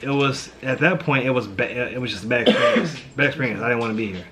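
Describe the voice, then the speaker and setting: A man's voice: medium pitch, very animated, quick pace, background noise. A man who grew up in St. Louis, a pastor and vlog host, talking heartfelt and reflective in a casual chat, often saying "man" and "you know".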